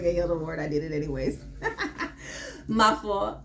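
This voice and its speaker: A woman's voice: lowish voice, unhurried, gravelly, a bit bright. Blunt, profane woman reading tarot. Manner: emphatic, pep-talk delivery. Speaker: tarot reader.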